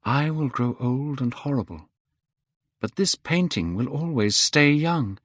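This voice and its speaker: A man's voice: medium pitch, expressive, measured pace, no echo, clean studio sound, pitched above the performer's own voice. A man doing a vain, anguished young man. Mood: despairing. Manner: anguished, pleading.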